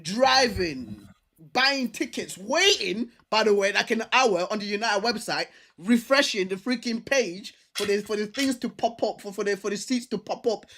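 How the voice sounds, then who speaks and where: Animated young man ranting, high voice. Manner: animated, stubborn, fast ranting with many repeats. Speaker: livestream football show host. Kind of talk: casual football chat.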